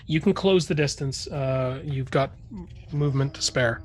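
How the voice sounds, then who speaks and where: A man's voice: mid-range voice, normal speed. A man running a tabletop game as game master, narrating with many fillers and restarts.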